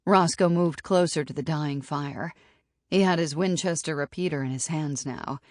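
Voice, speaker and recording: A woman narrating an audiobook in a steady, even reading. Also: deep voice, moderate pace, no echo. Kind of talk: scripted narration. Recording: dry studio audiobook.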